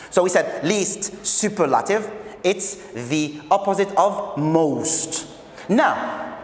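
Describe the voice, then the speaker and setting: A man's voice: sits high, very animated, extremely slow. A male English teacher from Algeria giving a recorded video lesson, repeating key phrases and explaining step by step. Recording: echoey room with long reverb.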